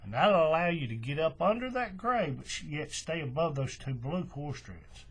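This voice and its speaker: A man's voice: on the high side, normal speed, breathy edge. A man hosting a hands-on craft tutorial, talking casually step by step while he works with his hands. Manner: relaxed, folksy, talks while working with his hands.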